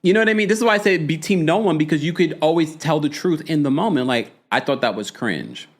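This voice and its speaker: A man's voice: a little high, quick pace. A man hosting a casual commentary show, reading viewer messages aloud and reacting with laughs. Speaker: host.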